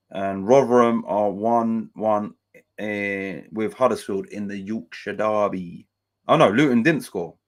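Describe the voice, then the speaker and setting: A man hosting a casual live match-day stream, chatting loosely, swearing freely and reading out chat messages and scores. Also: fairly low pitch.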